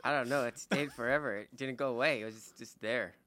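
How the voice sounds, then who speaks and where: A man's voice: mid-range voice, steady tone, fast talker, sharp tone, dry recording. A man guesting on a podcast, telling an amused anecdote in casual chat. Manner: amused storyteller, acts out quoted lines.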